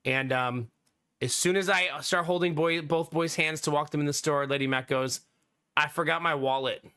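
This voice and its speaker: Male streamer, casual chat story, bright sharp voice, pitched a bit high, laughs a lot, exasperated. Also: normal speed, clean tone. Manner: laughs often, animated and exasperated. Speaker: live streamer chatting with viewers.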